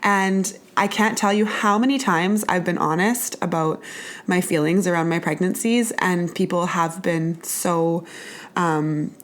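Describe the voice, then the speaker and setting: A woman co-hosting a casual podcast, nasal from a cold, telling stories in a chatty way with many fillers. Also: fairly low pitch. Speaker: podcast co-host.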